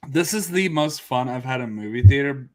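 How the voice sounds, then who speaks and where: A man's voice: medium pitch, animated, normal speed, darkish tone. A man co-hosting a casual movie podcast, wry and often stumbling over repeated words. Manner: stammering, wry. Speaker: podcast co-host.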